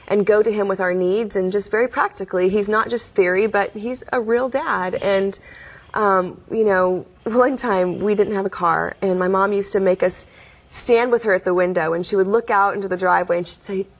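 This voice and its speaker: A woman's voice: mid-range voice, normal speed. Earnest woman telling her testimony. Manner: earnest storytelling with soft laughs. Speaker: interview guest. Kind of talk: testimony in a studio interview.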